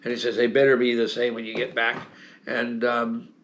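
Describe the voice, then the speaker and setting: A man's voice: mid-range voice, monotone, moderate pace, a bit bright, slight background noise. A man in his seventies with an American accent, a guest telling long, rambling anecdotes in a casual interview, full of restarts and fillers and frequent chuckles. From United States. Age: 70s. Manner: chuckles often while telling stories.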